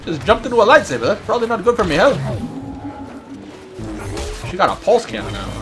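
Young male streamer, high and very animated, foul-mouthed and rowdy, faint music under him. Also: fairly quick. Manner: profane, rowdy, swings into put-on voices. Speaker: gaming streamer. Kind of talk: casual live game commentary.

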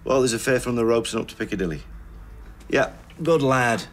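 A man's voice: medium pitch, fairly quick, lightly acted. A man with a Northern English accent in a television soap drama, talking in a jokey, easygoing way at home.

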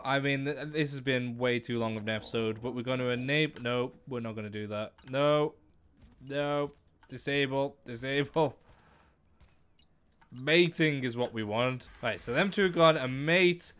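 A young man giving excitable let's-play commentary, talking to the animals and exclaiming often. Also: medium pitch, normal speed, clear, resonant tone. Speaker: gaming YouTuber.

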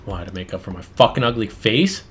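A man's voice: lowish voice, expressive, a little fast, fairly bright tone, husky. A young man with a Canadian accent, chatting and swearing casually while playing a video game. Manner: swears a lot, teasing, laughs often. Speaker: gaming video host. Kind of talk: casual gaming banter. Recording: faint keyboard noise behind.

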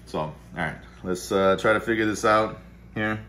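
Male vlogger, deep, punchy delivery; loose, swearing, muttering asides; faint background noise. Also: normal speed, a bit bright. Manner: rambling, profane, mutters to himself. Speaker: vlog host. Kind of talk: casual chat while making coffee. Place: home kitchen-dining room.

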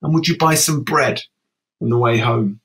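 A man voicing a bitter, scornful female partner, speaking in a cold and cutting way, set a little higher than his own voice. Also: moderate pace, fairly bright tone. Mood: contemptuous.

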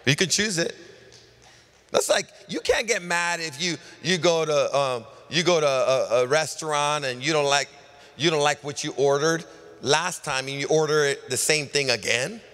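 High bright-voiced preaching pastor in a hall. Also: male voice, normal speed. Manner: preaching with lists, swings from loud calls to hushed asides. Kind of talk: sermon. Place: large church hall. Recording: live church sermon with long hall reverb.

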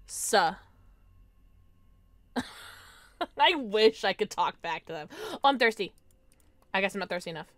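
A woman streamer giving excitable, jokey live gameplay commentary, quick to laugh. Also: medium pitch, no room sound.

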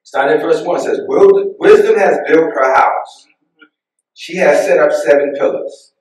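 A man preaching a sermon as pastor, telling personal stories in an animated way, often laughing at them. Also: a little high, moderate pace. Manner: animated, laughs at his own stories, acts out voices. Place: church sanctuary. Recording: very echoey church room, mic far off.

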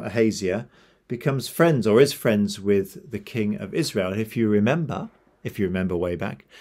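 A man retelling a Bible story to a church in a casual, chatty way, with jokey asides and self-corrections. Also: medium pitch.

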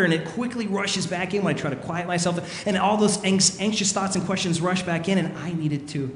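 A fairly high-voiced man preaches in a big, echoey hall where his words ring out with a long reverb. He tells his story with animated energy and acts out the panicked voices of the people in it. A faint hiss sits under the recording. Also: moderate pace, hardly any pauses. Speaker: pastor. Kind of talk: sermon.

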